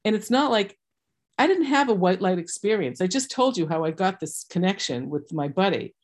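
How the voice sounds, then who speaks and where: A woman's voice: mid-range voice, animated, moderate pace. A middle-aged woman sharing her personal recovery story, candid and self-deprecating, acting out bits of dialogue. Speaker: recovery meeting speaker.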